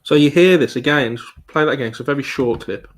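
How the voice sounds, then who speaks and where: A man giving a live online presentation as a paranormal investigator, talking with many pauses and restarts. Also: mid-range voice. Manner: hesitant, many ums and restarts.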